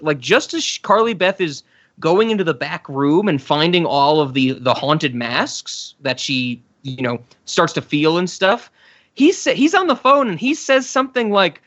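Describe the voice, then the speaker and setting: A man co-hosting a casual podcast chat, expressive, laughing often and swearing casually. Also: sits high, dull audio. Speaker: podcast co-host.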